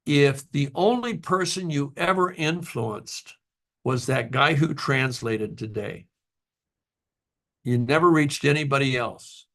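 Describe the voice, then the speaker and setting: A man's voice: mid-range voice, expressive, takes it slowly, a bit bright. A man speaks to his distributors as their company's founder in a loose, heartfelt talk. He rambles with fillers and restarts mid-sentence, earnest throughout and emotional at times. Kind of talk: casual motivational talk.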